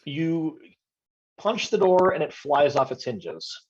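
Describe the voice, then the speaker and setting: A man narrating a tabletop game as game master, hesitant, with many pauses and ums while describing scenes. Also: a little high, very animated, darkish tone, breathy edge. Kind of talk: narrating a tabletop game over video call. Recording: dull lo-fi audio.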